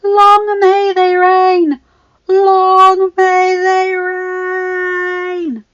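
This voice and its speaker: A woman voicing a proud female herald who proclaims the royal family to a huge crowd in a loud, drawn-out, ringing call. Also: very high-pitched, monotone, muffled recording, voice pushed up, heavily acted. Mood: proclaiming.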